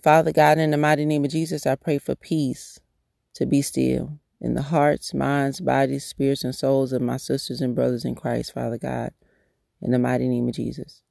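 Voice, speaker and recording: A man's voice: medium pitch, level tone, moderate pace, gravelly, a little mellow, dry recording, studio quality. A man hosting a devotional podcast, praying in a repeated cadence and talking casually with restarts. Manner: repetitive prayer cadence. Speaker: podcast host. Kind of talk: prayerful devotional podcast talk.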